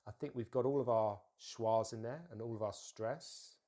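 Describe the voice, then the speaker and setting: A man giving a pronunciation lesson, slowly modelling words and phrases and asking the listener to repeat after him. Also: mid-range voice, fairly even intonation, mellow. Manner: slow, deliberate modelling of words with drills to repeat; explains plainly with frequent fillers and restarts. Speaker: English pronunciation teacher.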